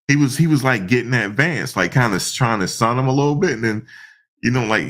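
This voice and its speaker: A man giving casual, slangy reaction commentary, animated and repeating himself, often breaking into laughter. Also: on the low side, moderate pace. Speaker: online commentator.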